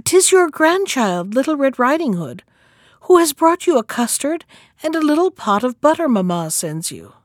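A woman voicing an innocent, trusting little girl in a storybook reading, with a high, wondering voice. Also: very animated, no echo. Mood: eager. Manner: high, wondering, drawn-out questions.

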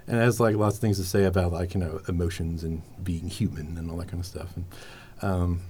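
A man's voice: low-pitched, steady tone, brisk, darkish tone, a little hiss or hum. A man hosting a casual library podcast, chatting in a rambling, enthusiastic way full of fillers. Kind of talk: casual chat.

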